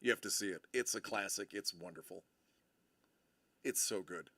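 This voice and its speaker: A man hosting a livestream, chatting in a rambling, animated way and often correcting himself mid-sentence. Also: low-pitched, moderate pace. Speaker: livestream host. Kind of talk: casual live-stream chat.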